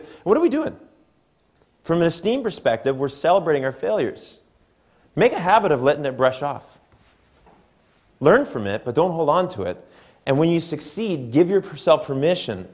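A man giving a motivational keynote at a conference, talking conversationally and asking the audience questions. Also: medium pitch. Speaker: keynote speaker. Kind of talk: motivational seminar talk. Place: conference hall before an audience.

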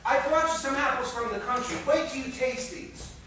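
An actor on stage playing a gruff but generous older brother with a brusque, awkward, insistent way of talking. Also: male voice, extremely high pitch, normal speed, bright, forceful tone. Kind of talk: live stage play. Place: theater stage. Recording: echoey theater, mic far from stage, audible hiss.

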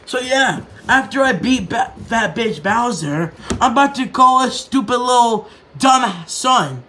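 Brief: a man doing a short, hot-tempered young fighter, loud bragging, high voice. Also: lively intonation, unhurried, slight background noise, full character voice. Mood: angry boastful. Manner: angry, boastful trash talk.

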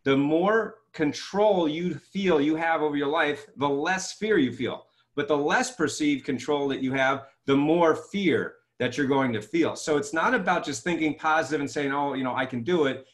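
A fairly high-voiced man talks fast and with emphasis, a guest expert on a video call. He makes his points with lively examples. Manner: energetic, emphatic, explains with examples.

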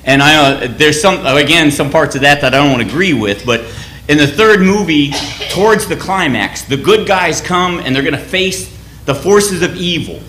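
A man's voice: fairly high pitch, moderate pace, pushed and bright, echoey room, a little hiss or hum. A man giving a sermon in a conversational, anecdotal way, often restarting his phrases. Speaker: church speaker.

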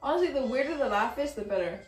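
Giggly woman with a highish voice. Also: expressive, fast talker. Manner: giggly, swears a lot. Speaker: streamer. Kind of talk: casual stream chat. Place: office being painted. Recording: roomy, voice far from the mic, faint music.

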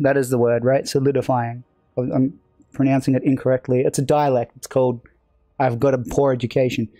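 A man talks through a live game stream in a loose, rambling way, often poking fun at himself and answering chat. His voice is mellow and soft-edged, and it sounds dry and close. Game music plays faintly underneath. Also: mid-range voice, a little fast, no echo. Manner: rambling, self-mocking banter with chat.

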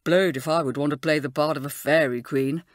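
A woman reading an audiobook, voicing a clever schoolboy who teases in an easygoing, gently mocking way. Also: low-pitched, steady tone, brisk, no echo, clean studio sound, voice pushed down, natural voice. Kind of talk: audiobook character voice.

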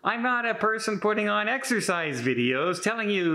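A man's voice: high-pitched, expressive, moderate pace, pushed and bright. A man in his fifties talking in a casual vlog, chatty and rambling with many restarts, earnest and a bit defensive. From Canada. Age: 50s. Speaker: vlogger.

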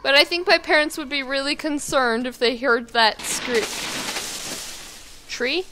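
A teenage girl chatting casually and rambling while playing a game at her home computer, now and then breaking into sudden yells. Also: high voice, measured pace, noisy background. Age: teens. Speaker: gaming YouTuber. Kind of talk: let's play commentary. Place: kitchen at home.

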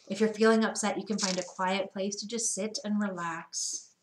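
A woman reading picture books aloud to young children, gentle and sing-song, pausing to ask them questions. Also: medium pitch, fairly even intonation, echoey room, background noise.

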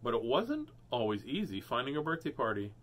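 A man's voice: medium pitch, big pitch swings, a little fast, a bit bright. A man hosting a read-aloud of children's books, playful with jokey asides between pages. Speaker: host reading children's books.

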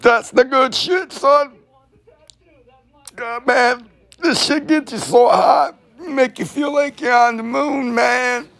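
A man voicing a rowdy, stoned young man who shouts in a high, drawn-out voice. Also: creaky, exaggerated voice. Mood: giddy.

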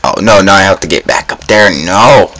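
A young man talks through a game in a very low, deep voice. His commentary is casual and self-mocking, peppered with groans and sudden dramatic exclamations. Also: normal speed, sharp tone, rough recording. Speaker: gaming YouTuber.

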